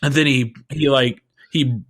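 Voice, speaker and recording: Male podcast co-host, mid pitch, relaxed anecdote-teller who laughs a lot. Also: measured pace, vocal fry. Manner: laid-back, laughing storyteller. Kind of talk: casual chat, storytelling.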